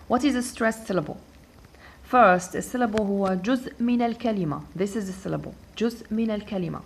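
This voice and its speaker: A woman's voice: on the low side, creaky, a little hiss or hum. A woman English teacher explaining a lesson patiently, repeating key points, asking "okay?" and drawing out important words. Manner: stretches out and stresses key words while explaining. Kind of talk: classroom-style explanation.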